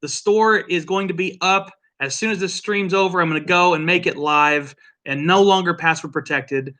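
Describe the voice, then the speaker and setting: A man's voice: sits high, normal speed, sharp tone. A man hosting a casual drinks livestream, rambling and joking with profane asides. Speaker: livestream host.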